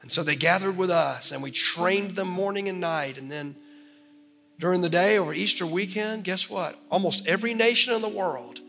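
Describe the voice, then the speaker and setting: A man with a high, bright, forceful voice preaches to his congregation and tells a story with animated energy. His voice rings through a large church hall with a long reverb. Soft instrumental music plays faintly underneath. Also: moderate pace, creaky. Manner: storytelling, animated, ends in prayer. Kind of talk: sermon. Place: church sanctuary.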